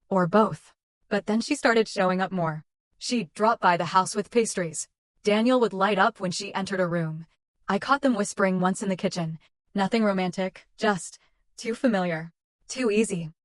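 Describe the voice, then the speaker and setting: Dry, measured woman narrator. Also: mid-range voice, no room sound. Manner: measured, clipped dramatic delivery. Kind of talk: scripted first-person story narration.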